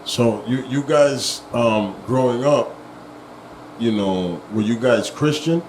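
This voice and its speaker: A man's voice: medium pitch, slow pace. Man, podcast host, laid-back casual chat, roomy echo, faint hiss. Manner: laid-back, animated, laughs easily.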